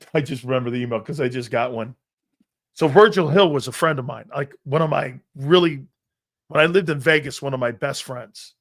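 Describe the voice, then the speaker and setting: A man hosting a sports talk show, rambling through stories and growing animated as he reads out a list. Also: medium pitch, gravelly. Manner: rambling storyteller, animated when reading a list. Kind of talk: casual sports talk monologue.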